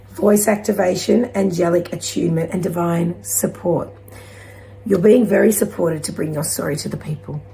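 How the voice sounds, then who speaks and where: A woman giving a gentle, encouraging spiritual card reading to her viewers, rambling at times. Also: lowish voice, gravelly. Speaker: intuitive card reader.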